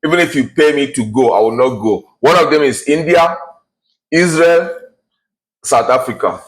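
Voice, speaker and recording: A man in his forties rants bluntly to camera. He sounds heated and scornful, and he often restarts and fills pauses with uh. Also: mid-range voice, low-quality recording. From Nigeria. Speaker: vlogger. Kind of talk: ranting to camera.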